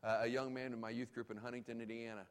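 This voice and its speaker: A man's voice: mid-range voice, level tone, fast talker. A man preaching a sermon as pastor, emphatic and repeating key phrases for weight.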